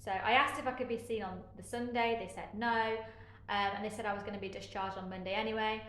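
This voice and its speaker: A woman giving a candid personal account as an interviewee, frank and halting, with many fillers and a sarcastic edge. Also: medium pitch, steady tone, fairly bright tone, echoey room, low-quality recording. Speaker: interviewee sharing care experiences.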